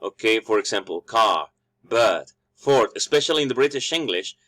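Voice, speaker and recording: A man teaching a pronunciation lesson in English, his first language Spanish, thinking aloud with small restarts and saying example words slowly to show their stress. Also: fairly low pitch, lively intonation, a bit bright. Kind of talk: explanatory lesson.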